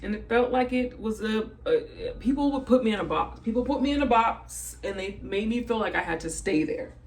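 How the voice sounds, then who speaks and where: A woman's voice: on the high side, expressive, moderate pace, hardly any pauses, low-quality recording. A young woman vlogging about a hard stretch of her life, crying and laughing through tears as she talks openly. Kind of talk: emotional personal vlog.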